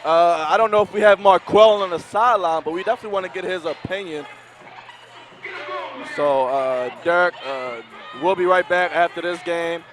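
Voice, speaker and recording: A man calling a live basketball game as play-by-play announcer, emphatic and excitable. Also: sits high, moderate pace. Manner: emphatic, calls action with rising excitement. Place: arena broadcast position. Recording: roaring crowd and arena noise.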